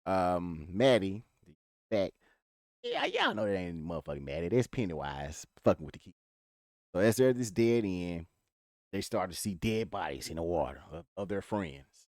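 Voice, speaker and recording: A man recaps a show in a relaxed, slangy, profanity-laced ramble. His voice sits on the low side and sounds close and dry, with no room echo. He talks like he's catching up friends on what happened. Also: moderate pace. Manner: slangy, laid-back. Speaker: TV show reviewer. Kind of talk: casual spoiler recap.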